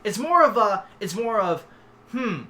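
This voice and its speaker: A man's voice: sits high, very animated, a little slow, a loud crowd. A man narrating a tabletop game as game master, loose and chatty. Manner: loose, chatty, with sudden loud character outbursts. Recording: faint background noise.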